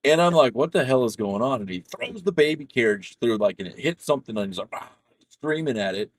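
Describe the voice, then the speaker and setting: This middle-aged man chats with a friend over voice chat while gaming, his mid-range voice lively and fast. He tells rambling, profane stories full of restarts, and the recording has no echo.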